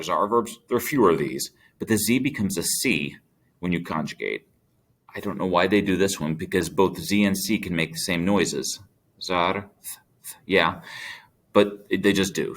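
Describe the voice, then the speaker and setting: Male teacher, low voice, patient recorded grammar lesson for students. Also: a bit bright. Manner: patient, explains step by step to students. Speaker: Spanish teacher.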